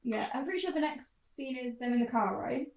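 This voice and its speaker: A woman co-hosting a casual podcast chat, talking with animated enthusiasm and laughing often. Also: on the high side, brisk, gravelly, reverberant, rough recording. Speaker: podcast co-host.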